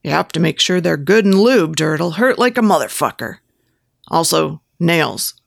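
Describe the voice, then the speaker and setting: A woman's voice: low-pitched, lively intonation, moderate pace, gravelly, no room sound, clean studio sound, full character voice. A woman voicing a pushy, lecherous male photographer who coaxes and gives step-by-step instructions in an erotic audiobook. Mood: bossy. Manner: coaxing, giving step-by-step instructions.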